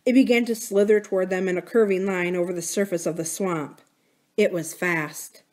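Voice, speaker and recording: A woman's voice: lowish voice, moderate pace. Woman reading a children's novel aloud. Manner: expressive, dramatic read-aloud. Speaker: library storytime reader.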